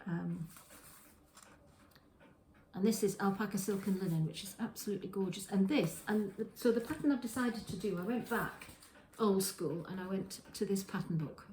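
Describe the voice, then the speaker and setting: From her home kitchen, a woman hosts a knitting podcast, rambling through casual show-and-tell chat full of restarts and self-corrections. Her mid-range voice is a little mellow and moves at normal speed. The low-quality recording is reverberant with slight background noise.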